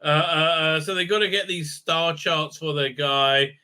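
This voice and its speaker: Male reviewer, sarcastic and foul-mouthed, stumbling through fillers; sharp, somewhat high voice. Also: fairly even intonation, clean tone. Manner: sarcastic, profane, halting with many fillers. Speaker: TV show reviewer. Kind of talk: ranting recap and review.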